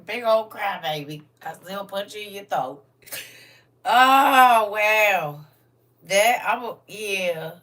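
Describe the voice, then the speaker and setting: A woman's voice: mid-range voice, expressive, slow pace, fairly bright tone. An older woman hosting a casual livestream, talking emotionally, laughing and exclaiming to her viewers. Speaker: livestream host. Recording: voice a bit distant from the mic.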